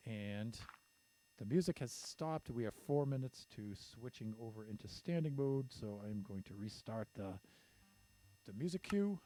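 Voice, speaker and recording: A man's voice: medium pitch, expressive, a little slow, mellow. A man streaming a building game, counting blocks aloud and talking to himself as he works. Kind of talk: casual commentary while building in a game.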